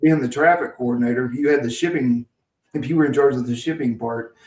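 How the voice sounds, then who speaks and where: A man's voice: medium pitch, fast, a little mellow, distant mic. A man from Mississippi telling a long workplace story in casual podcast chat, with lots of restarts and chuckles. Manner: rambling anecdotes with frequent restarts and chuckles. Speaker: podcast host. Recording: roomy, set back from the mic.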